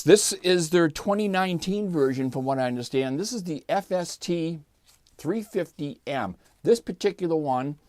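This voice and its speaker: An older man hosting his channel, giving a relaxed, chatty review and demo of a guitar and explaining as he goes. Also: a little high, no room sound, studio quality. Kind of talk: casual product review and demo.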